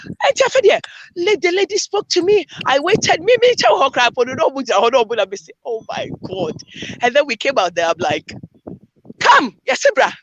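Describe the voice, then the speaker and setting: A woman, a panelist in a casual group discussion, telling animated stories and mixing in Twi phrases. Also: high voice, brisk, lo-fi sound, a little hiss or hum.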